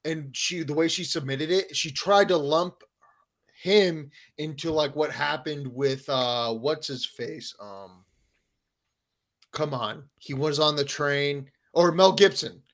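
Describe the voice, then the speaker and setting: A man's voice: fairly high pitch, takes it slowly, a bit bright. A man co-hosting a podcast in casual chat, rambling and profane, with many filler words. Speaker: podcast co-host.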